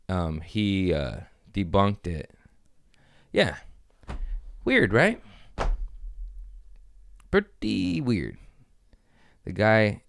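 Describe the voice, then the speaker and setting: A man's voice: sits low, gravelly, no echo, clean studio sound. A man hosting a podcast in casual chat, rambling and profane, acting out what people said. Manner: profane, rambling, quotes people in animated voices. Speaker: podcast host.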